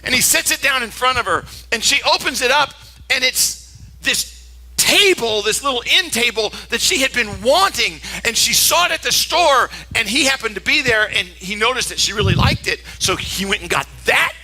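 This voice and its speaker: An older man preaching a sermon as a pastor, telling a story with lively, acted-out character voices. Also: normal speed, low-quality recording. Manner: animated storytelling, acting out characters in high voices.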